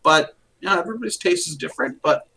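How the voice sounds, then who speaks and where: A man's voice: on the high side, animated, fast, vocal fry, pushed and bright. Rambling young man podcasting. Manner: rambling, retells movie scenes with laughs. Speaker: podcast co-host. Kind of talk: casual chat. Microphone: close desk mic.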